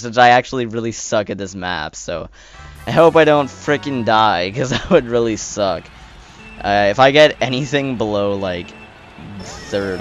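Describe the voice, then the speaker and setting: A young man giving excited, swearing live commentary while playing a racing game, groaning and shouting at rivals. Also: mid-range voice. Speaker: let's play gamer.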